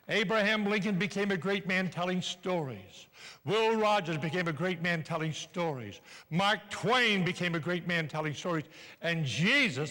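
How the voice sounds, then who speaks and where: An older man giving a live motivational speech to an audience in a large hall, animated and playful as he urges the crowd along. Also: sits high. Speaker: motivational speaker. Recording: long reverb in a hall.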